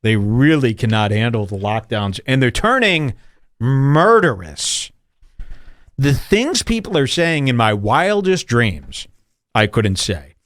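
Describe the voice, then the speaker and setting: Sarcastic man podcast host, lively pitch. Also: slow, no room sound, clean studio sound. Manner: sarcastic, rambling storyteller. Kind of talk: casual comedic podcast chat.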